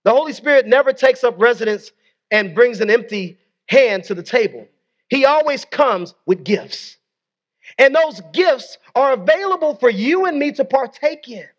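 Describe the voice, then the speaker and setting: A man's voice: very high-pitched, expressive, normal speed, highs cut off. A male pastor preaching a sermon, leading his congregation in call-and-response and dropping in folksy, conversational asides.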